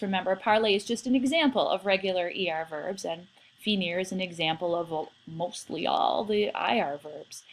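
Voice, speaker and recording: Upbeat woman teaching French. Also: mid-range voice. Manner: encouraging, playful, spells out stems and conjugations. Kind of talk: recorded remote class lesson.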